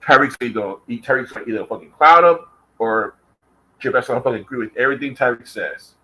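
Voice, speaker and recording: A man on a long, heated vlog rant, swearing at every turn and hammering his points home. He talks at a middling pitch in a loose, conversational way. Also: fast, pushed and bright, low-quality recording. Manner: heated, profane, repetitive. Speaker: vlogger. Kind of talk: profane rant.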